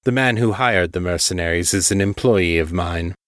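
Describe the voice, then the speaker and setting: A man voicing a cultured male crime boss on the phone, calm and carefully controlled. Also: low voice, moderate pace, no room sound, studio quality. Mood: coolly controlled.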